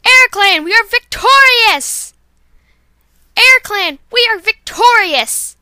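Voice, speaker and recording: A woman voicing a fierce warrior cat, shouting. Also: extremely high pitch, lively intonation, slow pace, dry recording, voice pushed up, exaggerated voice. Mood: triumphant. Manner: loud, shouting battle cries.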